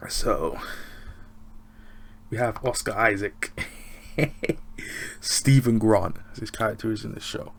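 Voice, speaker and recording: A man's voice: lowish voice, takes it slowly, creaky, long pauses. An English man reviewing a show in a loose, rambling, chatty way. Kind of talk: casual review chat.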